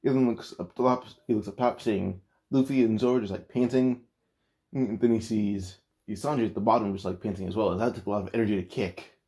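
A man with a lowish, mellow voice casually retells an anime fan story. He rambles along, padding his sentences with "like" and restarting himself often. His delivery is relaxed and unscripted. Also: brisk.

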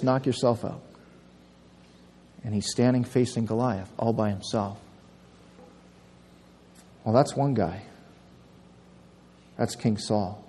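A male pastor preaching a sermon, telling a story with lively delivery and acting out the quotes. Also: mid-range voice. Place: church sanctuary. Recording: long church reverb.

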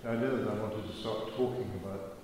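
A man's voice: lowish voice, fairly even intonation, fast talker, darkish tone, slight background noise. An older man telling a wry, self-mocking story as a speaker in a church. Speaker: speaker giving a testimony talk. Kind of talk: storytelling talk. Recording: echoey church hall.

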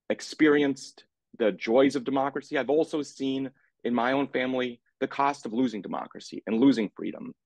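A man who is a congressional candidate gives a halting opening statement at a forum over a video call, with many filler uhs. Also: mid-range voice, no echo.

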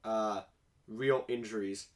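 A man's voice: on the low side, fairly even intonation, slow pace. A young man hosting a casual podcast, rambling through anecdotes with easy laughter and many fillers. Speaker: podcast host. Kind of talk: casual chat.

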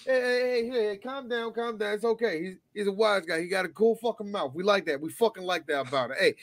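A man playing a hot-tempered Italian mob bar owner who shouts and curses. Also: high voice, a little fast, lightly acted. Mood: menacing. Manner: shouting, profane, bossy.

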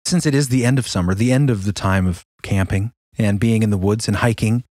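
A man's voice: lowish voice, fairly quick, a little mellow, no room sound, clean studio sound. A man co-hosting a podcast, chatting with enthusiasm and setting up the episode's theme. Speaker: podcast co-host. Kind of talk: casual podcast chat.

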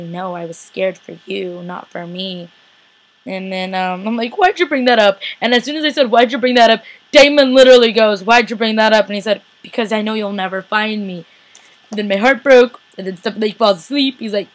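A young woman vlogger recapping a TV episode in a casual, excitable way, filling her talk with "like" and "literally". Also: mid-range voice. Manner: chatty, excitable, says "like" and "literally" a lot. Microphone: laptop webcam.

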